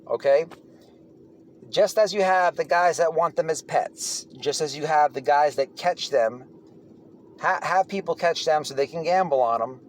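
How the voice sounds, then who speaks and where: A man's voice: fairly high pitch, slight background noise. Blunt, profane man telling prison stories. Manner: blunt, profane, rambling with restarts. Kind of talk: casual storytelling monologue.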